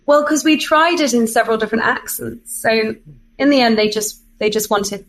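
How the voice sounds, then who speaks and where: A woman's voice: a little high, moderate pace, poor audio. A woman with an English accent, a voice actor talking as a guest in a casual interview, chatty and self-deprecating, often breaking into laughter.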